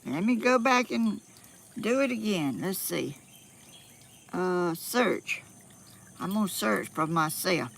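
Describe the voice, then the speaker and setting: A Southern woman chats slowly and folksily on a phone live stream outdoors, a little out of breath. Her voice is bright but gravelly, full of fillers and easy laughs. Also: on the low side, expressive, a little hiss or hum. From Georgia, US South. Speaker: vlogger.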